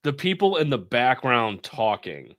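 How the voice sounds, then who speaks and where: Male co-host, profane and animated, dry close mic. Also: medium pitch, unhurried, no echo. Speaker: podcast co-host. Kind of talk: casual comic review chat.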